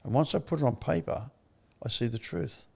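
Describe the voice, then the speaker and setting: An older Australian man with a gravelly edge to his voice tells his story on a podcast. He is blunt and swears freely, and he acts out every exchange with animation. His pitch sits in the middle range. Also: fairly quick, darkish tone. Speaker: podcast guest. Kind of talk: candid interview storytelling.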